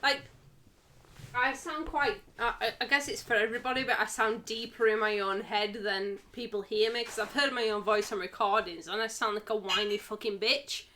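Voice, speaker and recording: Yorkshire woman, casual co-host chat, fairly high voice, quick to laugh, foul-mouthed. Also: fairly even intonation, bright, forceful tone, slight background noise. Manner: laughs often, swears freely. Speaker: stream guest.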